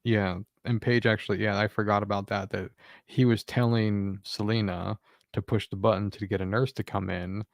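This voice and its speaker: A man's voice: fairly low pitch, little pitch movement, moderate pace, creaky, no echo, clean studio sound. A man giving rambling casual commentary on a trial, with lots of fillers. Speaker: co-host.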